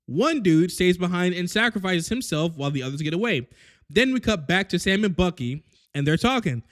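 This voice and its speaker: A man telling a crude, comedic recap of a show, full of slang and quick character asides. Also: sits high, expressive. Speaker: recap host.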